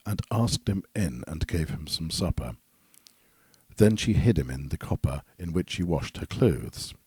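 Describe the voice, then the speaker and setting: A man narrating a fairy tale in a measured, expressive storybook reading. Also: deep voice, breathy edge, no echo.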